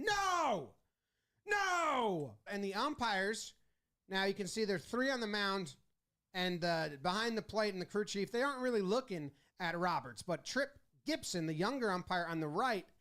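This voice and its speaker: A man with a high voice narrates a baseball highlight breakdown. He talks in an animated, casual way and slips into quick voices for the players and umpires he quotes. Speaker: sports video commentator.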